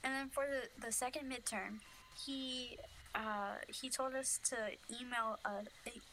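Young woman podcast co-host, bright slightly high voice, rambling story with fillers, faint background noise. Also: fairly even intonation, unhurried, low-quality recording. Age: young adult. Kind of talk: casual chat.

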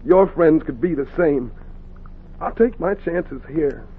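A husky, fearful younger brother. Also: male voice, on the high side, animated, slow pace, heavily acted. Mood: wary. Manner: wary, gloomy. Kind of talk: 1950s radio drama acting. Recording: tinny, husky old radio recording, off-mic.

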